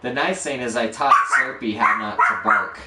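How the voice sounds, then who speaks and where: This is casual live-stream commentary from a man of medium pitch and normal speed, self-deprecatingly explaining each stage of building his game. There's heavy background noise and a dog barking, with roomy echo and the mic a little far away.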